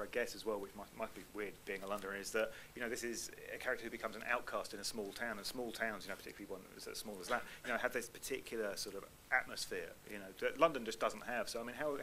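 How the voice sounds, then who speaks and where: A man hosting a live Q&A, articulate and chatty, rushing through long questions. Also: lowish voice, pushed and bright, slight background noise, low-quality recording. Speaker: host. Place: live stage event.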